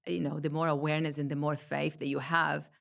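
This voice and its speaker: Woman guest, low and gravelly, earnest, lively when quoting herself. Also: a little fast. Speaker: podcast guest. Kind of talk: casual spiritual conversation.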